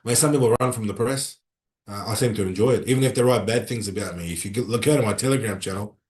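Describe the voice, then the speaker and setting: A middle-aged man with an Australian accent hosting a casual livestream from a room in a consulate, chatting and reading out viewer comments in an animated, rambling way. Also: on the low side, quick pace. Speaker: livestream host. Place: room inside a consulate building. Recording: roomy echo.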